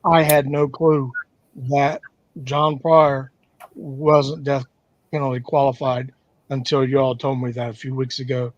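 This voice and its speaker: A man's voice: mid-range voice, level tone, a little slow, dry recording, dull audio. A man co-hosting a casual livestream chat who talks in a laid-back, frank, plain-spoken way. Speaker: livestream co-host.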